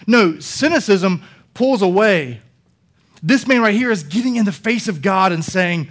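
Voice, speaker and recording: A high-pitched man delivers a sermon from the pulpit. He explains scripture in a conversational way, then swells into loud, animated passion as he drives his points home. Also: measured pace. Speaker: pastor.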